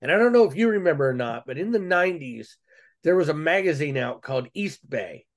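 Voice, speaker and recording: A man speaks as a podcast guest in a casual, earnest storytelling manner. His voice is a little higher than most men's, and he talks in a slangy way with frequent restarts. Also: expressive, brisk.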